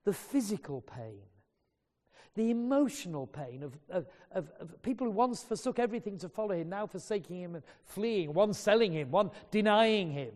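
Preacher, male, earnest storyteller with a warm voice who restarts phrases, recorded with long reverb. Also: high-pitched, animated, moderate pace. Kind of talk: sermon storytelling.

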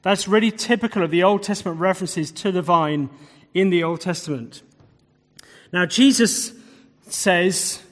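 A man delivers an expository sermon, his voice sitting a little high for a man. He leans on repetition for emphasis, and a long hall reverb trails each phrase. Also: a little slow. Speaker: preacher.

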